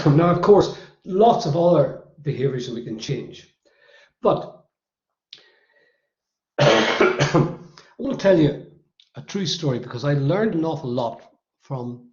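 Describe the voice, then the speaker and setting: A man's voice: mid-range voice, darkish tone. A man with a Northern Irish accent giving a motivational workshop talk, emphatically counting off his points one by one. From Northern Ireland. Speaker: workshop presenter. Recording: roomy, slightly dull recording.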